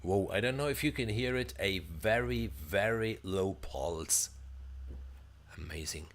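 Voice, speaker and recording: Chatty, low-voiced man demoing instruments. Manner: chatty, enthusiastic, halting with restarts. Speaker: composer reviewing sample libraries. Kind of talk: live stream product walkthrough. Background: faint instrument demos playing.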